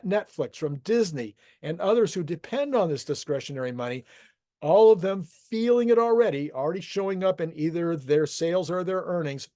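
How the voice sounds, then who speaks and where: A man's voice: high-pitched, darkish tone, no room sound, clean studio sound. A man hosting a solo economic commentary show, talking it through casually with frequent restarts. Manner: conversational, thinking aloud with restarts. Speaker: market commentary host.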